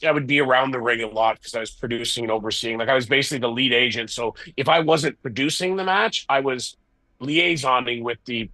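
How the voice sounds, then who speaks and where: A middle-aged man, a wrestling promoter, telling candid stories in an interview, animated and self-deprecating. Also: mid-range voice, no echo, poor audio.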